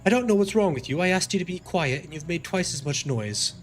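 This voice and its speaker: A man's voice: fairly high pitch, animated, fairly quick, faint music behind, pitched above the performer's own voice, close to an everyday voice. A man doing a prim scolding British cat.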